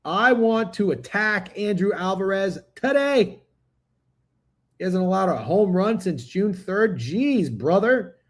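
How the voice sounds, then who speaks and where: This man has a high voice with lively intonation and speaks slowly. On his sports betting livestream, he talks casually and profanely, speaking directly to the people in his chat.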